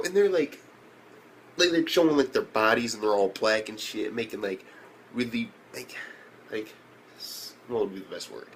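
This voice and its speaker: A man's voice: moderate pace, a little hiss or hum. Profane rambling male anime reviewer. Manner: profane, rambling, with shrill disbelieving outbursts. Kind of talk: casual recap review.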